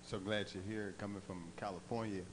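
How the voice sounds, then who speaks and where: A man's voice: lowish voice, flat delivery, a little fast, crowd noise, poor audio. A man giving a plain personal testimony to a visiting speaker in church.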